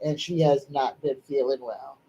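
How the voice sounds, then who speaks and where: A middle-aged woman with an extremely low, steady voice hosts a casual psychic livestream, talking at normal speed with a breathy edge over lo-fi sound. She comes across as tearful and soft-spoken, yet her delivery stays folksy, emphatic, and preachy.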